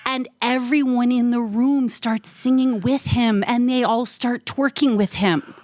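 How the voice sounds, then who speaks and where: A woman co-hosting a podcast, telling a casual story full of "like" fillers and acting out quoted voices with big jumps in pitch. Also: steady tone, a little slow, background noise. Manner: frequent "like" fillers. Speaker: podcast co-host.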